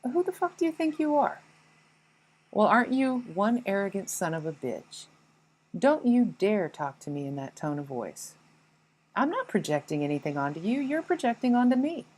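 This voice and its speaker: A woman's voice: medium pitch, big pitch swings, moderate pace, darkish tone, pitched above the performer's own voice, rough recording. A woman voicing a petty, defensive inner ego that blames everyone else, whiny and indignant, with swearing. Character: petty defensive ego voice, self-pitying, blaming others.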